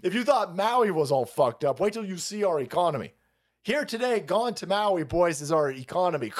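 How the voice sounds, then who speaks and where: A man rants sarcastically and profanely as a stream host. His voice sits high and leaps all over the place in pitch. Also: normal speed. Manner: animated, foul-mouthed, sarcastic. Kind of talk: profane political comedy rant.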